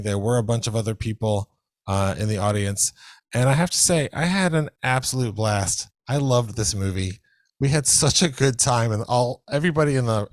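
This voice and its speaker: A man's voice: lowish voice, no echo, clean studio sound. A man co-hosting a film review podcast, talking casually and enthusiastically with many restarts. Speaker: podcast co-host reviewing films. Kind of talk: casual chat.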